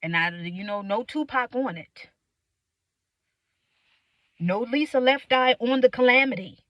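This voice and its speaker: A young woman venting in a candid, profane monologue, swinging from loud outbursts to low mutters. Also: unhurried, no room sound, dull audio. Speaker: vlogger.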